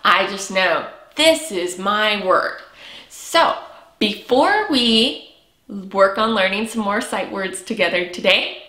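Woman preschool teacher, slow and encouraging, echoey room. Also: medium pitch, pushed and bright. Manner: slow, patient, encouraging, stretches out sounds. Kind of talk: early learning lesson for young children.

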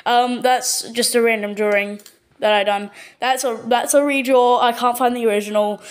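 A woman with an Australian accent casually narrating a showcase of her own artwork, stumbling over words and filling pauses with lots of ums. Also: on the high side, fairly even intonation, clear, resonant tone. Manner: hesitant, full of ums and repeated words. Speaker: channel owner.

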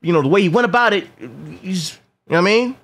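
In a casual movie review, a man talks fast in a high-pitched voice, animated and profane. He often repeats words and acts out lines from the film.

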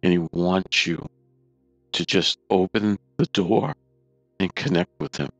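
A man's voice: sits low, unhurried, gravelly, no room sound, faint music behind, rough recording. A man earnestly recounting a personal faith story in testimony style, emotional and repetitive. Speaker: near-death experience storyteller.

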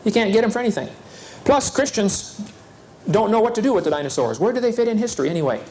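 A man's fairly high voice preaches to a youth seminar, folksy and urgent. He acts out little scenes with lively swings in pitch. A faint hiss sits under the recording. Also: quick pace. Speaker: evangelist speaker.

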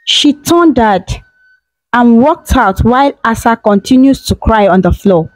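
A woman telling a folktale in steady, dramatic scripted narration. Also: on the high side, no echo, poor audio. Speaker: storyteller. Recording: dry close mic with faint music.

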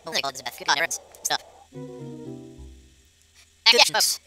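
A man's voice: a little high, expressive, slow pace, pushed and bright. Sped-up chipmunk-voiced man playing a game. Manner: goofy, rambling, sings made-up ditties. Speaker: let's play host. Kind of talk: casual gameplay commentary. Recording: game music behind. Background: game music.

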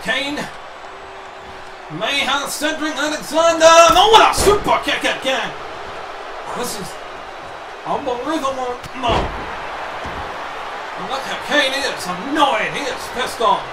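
A man giving excited play-by-play commentary over a wrestling video game, gasping and repeating "wait a minute" and "uh-oh". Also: very high voice, takes it slowly, pauses often. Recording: echoey room, voice from far off. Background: loud game crowd and noise.

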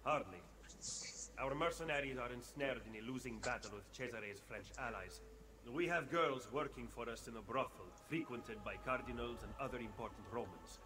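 A man's voice: mid-range voice, moderate pace, close to an everyday voice. Male actor for a fretful assassin ally, game cutscene, long reverb tail. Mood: troubled. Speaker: game character.

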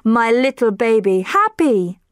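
A woman's voice: mid-range voice, lively intonation, slow pace, fairly bright tone, dry recording, studio quality. A woman narrator voicing a lazy old man who pretends to be a father, sounding weak and evasive. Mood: dramatic.

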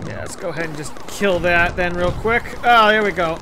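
A man commentating his own gameplay, excitable and profane, swinging between loud shouts and low mutters. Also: fairly quick, hardly any pauses. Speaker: gaming video host. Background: game music.

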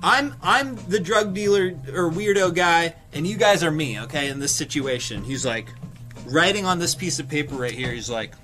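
A man's voice: on the high side, moderate pace, faint music behind. A young man streamer telling a story casually, swearing and acting out quotes. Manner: animated, swearing, acts out quotes with laughs.

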